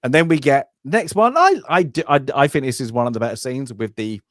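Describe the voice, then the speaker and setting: A man's voice: mid-range voice, animated, fairly quick, a bit bright, no room sound, clean studio sound. A man co-hosting a casual film review podcast, rambling and acting out lines from the movie. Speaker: podcast co-host. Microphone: home podcast mic on a live stream.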